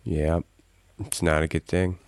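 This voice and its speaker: A man's voice: deep voice, fairly even intonation, a little slow. A man co-hosting a podcast in casual chat, dry and matter-of-fact as he shares trivia. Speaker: podcast co-host.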